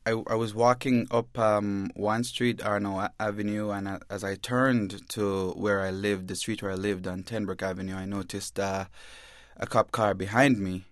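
Male reporter guest, halting and stammering, plain mid voice, dry studio sound. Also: on the low side, fairly even intonation, no echo. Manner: halting, repeats words, stammers. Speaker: newspaper reporter, interview guest. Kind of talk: emotional first-person account. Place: radio bureau studio.

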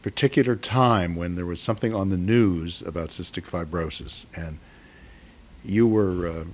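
A middle-aged man, a father, telling a family memory in a halting, emotional way with many hesitations. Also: sits low. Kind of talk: personal storytelling interview.

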